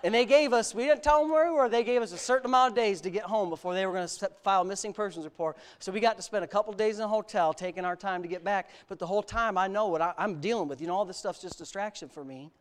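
A man's voice: sits high, fast, hardly any pauses, smooth. A male pastor from the United States giving a candid personal testimony in a sermon, mixing self-mocking humor with serious storytelling.

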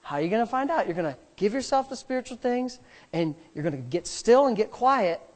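Pastor preaching a sermon, building emphasis. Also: male voice, sits high, sing-song, a little fast. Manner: preaching with rising emphatic repetition.

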